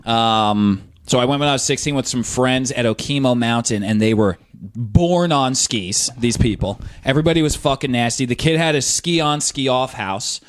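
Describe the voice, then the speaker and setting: A man's voice: mid-range voice, moderate pace, slight background noise. A man co-hosting a podcast, telling a story in casual, profane, rambling chat. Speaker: podcast co-host.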